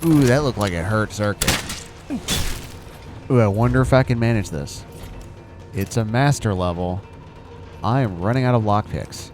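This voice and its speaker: A man giving upbeat game commentary with quick exclamations, over game music. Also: fairly low pitch, animated. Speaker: gaming video host.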